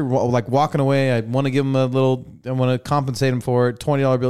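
A man's voice: medium pitch, quick pace, hardly any pauses, clear, resonant tone. A young man hosting a podcast, chatting casually and acting out the people in his stories. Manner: animated storyteller, acts out people's lines. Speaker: podcast host. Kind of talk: casual chat. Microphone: studio mic.

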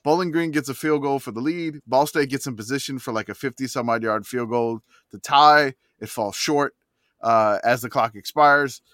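A man co-hosts a casual sports podcast and rambles, restarting his sentences often. His voice sits in the middle range and sounds bright. The recording is close and dry. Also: medium pitch, normal speed, no echo. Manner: rambling, with many restarts and fillers. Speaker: podcast co-host.

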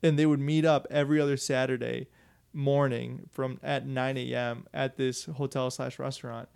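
A man's voice: mid-range voice, flat delivery, normal speed, vocal fry, a little mellow, smooth. A young man telling a story on a podcast in a loose, profane way, laughing often. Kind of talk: casual storytelling chat.

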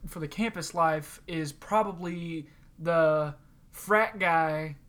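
Easygoing young man, slightly high voice. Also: takes it slowly, a bit bright. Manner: easygoing, agreeing, chatty. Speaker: podcast co-host. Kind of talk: casual chat.

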